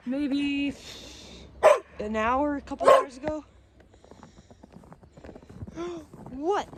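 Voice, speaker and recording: A woman's voice: fairly high pitch, a little mellow, slight background noise. A young woman vlogging outdoors in the snow, playful and chatty as she coaxes her dog, a little out of breath. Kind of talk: casual vlog playing with her dog.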